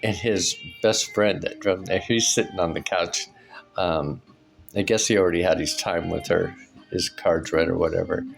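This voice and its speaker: A man's voice: sits low, fairly even intonation, normal speed, gravelly, soft background music. A man casually telling a personal story in a rambling way, full of fillers and "right?" asides. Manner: rambling, with many fillers and tag questions. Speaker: storyteller recounting a personal experience. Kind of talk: casual spoken anecdote.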